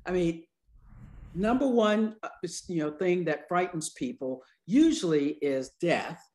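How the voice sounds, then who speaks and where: A woman in her sixties, an anesthesiologist and speaker, telling stories in an interview with humor and lively quoted voices. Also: lowish voice, measured pace. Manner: lively, acts out quoted people with voice changes; humorous, conversational. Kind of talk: storytelling in an interview.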